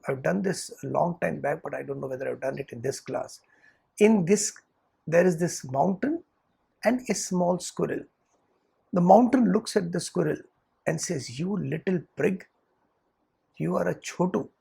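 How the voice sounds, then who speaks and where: Very gravelly, husky spiritual teacher. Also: mid-range voice, expressive, moderate pace, warm tone. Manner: earnest, checks in with rhetorical "hmm?" tags. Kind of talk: lecture on scripture.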